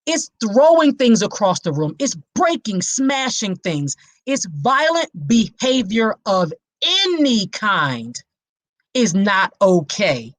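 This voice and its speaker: A woman's voice: mid-range voice, big pitch swings, slow, no echo. A woman hosting a podcast, speaking with preachy, emphatic passion and addressing her listeners directly. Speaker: podcast host. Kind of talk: impassioned awareness talk.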